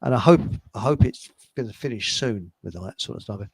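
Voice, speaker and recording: A man's voice: on the low side, animated, fairly quick, breathy edge, no echo. An older man hosting a casual radio chat, joking and laughing often. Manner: chatty, laughs often, jokey asides. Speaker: host.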